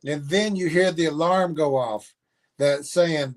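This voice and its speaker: A man's voice: a little high, unhurried. A man co-hosting a casual reaction livestream, laughing often and mockingly repeating lines from the clip. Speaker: reaction stream co-host.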